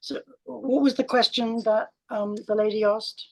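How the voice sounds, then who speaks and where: A woman mental health coach explaining her approach in a panel discussion, in a calm, measured way. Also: on the high side, vocal fry, poor audio.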